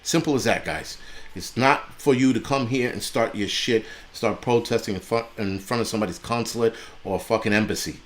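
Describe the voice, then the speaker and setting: A man's voice: fairly low pitch, a little fast. A man hosting a livestream, ranting angrily and bluntly with heavy profanity and mocking asides. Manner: angry, blunt and heavily profane, mocking voices in quotes. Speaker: livestream host. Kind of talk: profane political rant on a livestream.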